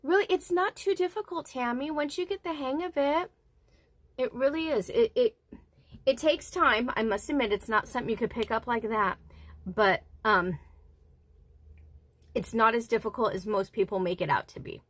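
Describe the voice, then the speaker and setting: A woman hosting a casual crochet livestream, counting stitches softly under her breath and chatting with viewers. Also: a little high, normal speed, dry recording. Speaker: livestream host.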